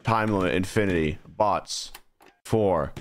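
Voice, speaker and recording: A man's voice: sits low, slow, a little hiss or hum. A young man streaming a game live, rambling and joking as he plays. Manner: rambling, excitable, jokey. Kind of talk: live gameplay commentary.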